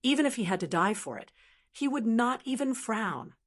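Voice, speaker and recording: A woman reading a fantasy novel aloud as an audiobook narrator, in a steady, even storytelling voice. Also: fairly high pitch, normal speed.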